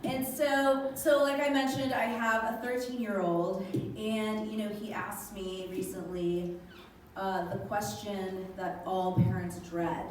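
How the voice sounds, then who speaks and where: A middle-aged woman performing a stand-up comedy set, telling a story with animated energy and jumping into high voices to quote her kids. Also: slow pace, slight background noise. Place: live comedy venue. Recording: echoey hall from far off with loud ambience.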